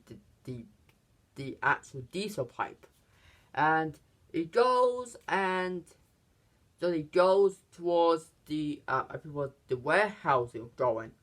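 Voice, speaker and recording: Casual channel reviewer, unscripted plot retelling, hesitant delivery with frequent restarts, puts on pitched-up voices for quotes. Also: a bit bright. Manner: halting, many fillers and restarts; acts out quoted lines in higher voices. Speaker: movie reviewer.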